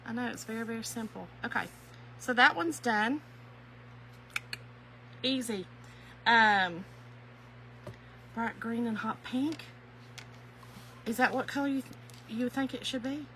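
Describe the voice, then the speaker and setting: A woman's voice: fairly high pitch, unhurried, pauses often, slight background noise, rough recording. A woman with a Kentucky accent, hosting a chatty craft live stream, greeting viewers by name and laughing easily. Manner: folksy, warm-hearted chatter, often says y'all, laughs easily. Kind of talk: chatty craft tutorial, reading viewer comments.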